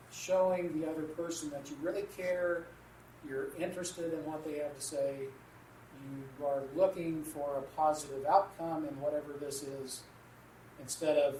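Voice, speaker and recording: A man's voice: a little high, mellow. A man co-hosting a Christian radio talk about marriage, explaining with everyday examples in an earnest way. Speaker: co-host teaching a Christian marriage class. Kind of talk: casual radio discussion. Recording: echoey room, distant from the mic, noisy.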